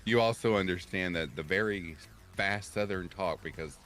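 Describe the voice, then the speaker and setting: Deep-voiced man hosting a casual stream. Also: moderate pace, fairly bright tone. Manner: chatty storyteller, laughs easily. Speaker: livestream host and story narrator. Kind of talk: casual livestream chat.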